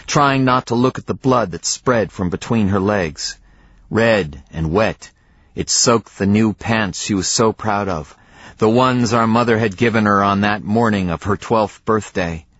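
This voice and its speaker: A man narrating a novel in the first person, measured, with dramatic pauses, in a dry, slightly dull audiobook recording. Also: lowish voice, fairly bright tone, dry recording.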